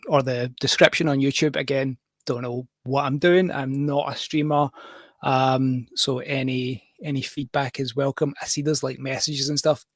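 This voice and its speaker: A man's voice: medium pitch, fairly bright tone, dry recording. A Scottish man hosting a casual livestream, talking in a rambling, jokey, self-deprecating way. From Scotland. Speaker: livestream host and musician.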